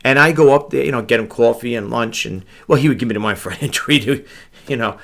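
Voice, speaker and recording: A middle-aged man from New York talks late at night in his home, tired and rambling. His voice has a gravelly edge, and he repeats words as he drifts from one story to the next. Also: mid-range voice, quick pace, a bit bright. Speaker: online reseller vlogger. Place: home room with a grandfather clock.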